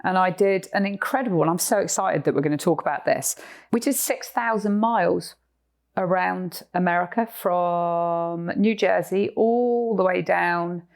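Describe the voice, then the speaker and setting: A middle-aged woman with an English accent, co-hosting a podcast and telling stories in an animated way, acting out the people in them. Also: fairly low pitch. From England. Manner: animated, acts out voices of people in her stories. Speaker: podcast co-host. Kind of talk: storytelling chat.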